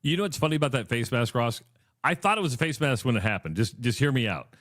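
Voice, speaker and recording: A man's voice: medium pitch, lively intonation, fast talker, a bit bright. A male sports radio co-host in casual chat, emphatic, who reads out listener comments.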